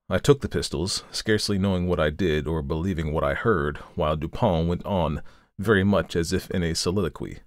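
Low-voiced man narrating a classic tale. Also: no echo, studio quality. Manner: measured, formal reading. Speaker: podcast narrator. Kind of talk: scripted narration of a classic story.

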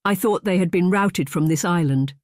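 A narrator voicing a polite, curious young lady who speaks gently in formal, old-fashioned phrasing. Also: mid-range voice, normal speed, no echo, studio quality, voice pushed up, lightly acted. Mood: earnest.

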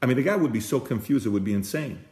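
A man's voice: medium pitch, quick pace. Emphatic man in an echoey room. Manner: emphatic storyteller, lively and direct. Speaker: host. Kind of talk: motivational talk.

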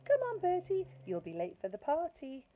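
A woman's voice: high-pitched, huge pitch swings, moderate pace, pitched above the performer's own voice. A woman voicing an exasperated, scolding mother in a children's story read-aloud. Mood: brisk. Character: exasperated busy mother, scolding but fond. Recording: tinny phone-like sound, faint hiss.

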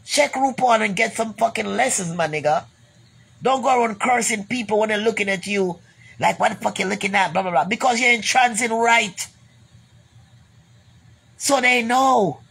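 A woman's voice: fairly high pitch, normal speed, creaky, long pauses, fairly bright tone, slightly rough. A Jamaican woman ranting bluntly to her viewers, swearing and repeating herself, then closing with blessings. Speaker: vlogger. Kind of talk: profane rambling rant to camera.

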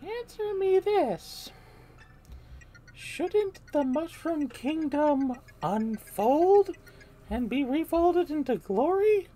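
A woman voicing a cold, grand, possessed princess who speaks slowly and solemnly. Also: sits high, animated, warm tone, voice pushed up, full character voice. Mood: eerie. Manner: slow, drawn-out, solemn questioning.

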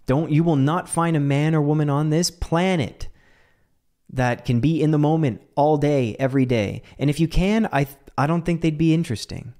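A man with a slightly high voice hosts a solo podcast in a loose, chatty way. He talks with a lot of animation, often laughs, and swears casually as he rambles. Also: normal speed, warm tone. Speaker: podcast host.

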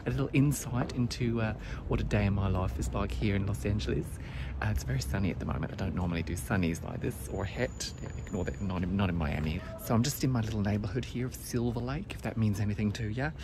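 Comedic vlog character: a man doing a naive, chatty woman, low-voiced, over loud street traffic. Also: fast talker, close to an everyday voice. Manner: chatty and rambling, full of "uh" fillers and small exclamations. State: a bit out of breath. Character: cheerful, naive woman vlogging her errands. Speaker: vlogger character. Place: outdoors on city streets with traffic. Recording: loud traffic noise outdoors.

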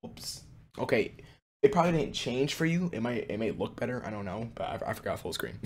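A young man reacting excitedly to a music game, with gasps and frequent exclamations. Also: medium pitch, fairly quick. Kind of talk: casual reaction commentary. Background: game music playing.

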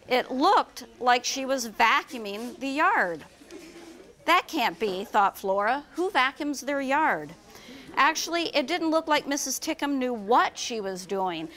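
Brief: woman author, high voice, reads her kids' book aloud at a bookstore, lively and chatty. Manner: lively, storytelling with fillers. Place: bookstore event.

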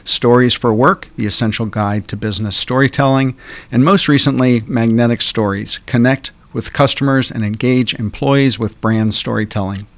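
A man's voice: medium pitch, fairly even intonation, normal speed, no echo. Upbeat man hosting a podcast. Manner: upbeat and enthusiastic. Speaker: podcast host. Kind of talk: interview hosting.

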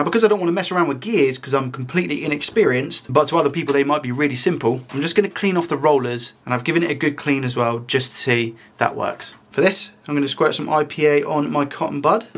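A young man casually talking viewers through a console repair in a chatty, upbeat way. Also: on the high side. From United Kingdom. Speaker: tech repair YouTuber.

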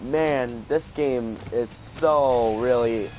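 A man giving casual let's play commentary, panicking out loud and repeating his exclamations. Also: mid-range voice, unhurried, noisy background. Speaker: gaming video host.

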